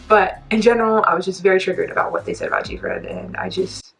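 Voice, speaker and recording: A woman's voice: mid-range voice, fast talker, vocal fry, low-quality recording. Indignant woman in her twenties ranting. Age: 20s. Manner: indignant, animated, rambling with frequent laughs. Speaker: K-pop reaction vlogger. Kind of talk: casual rant to camera.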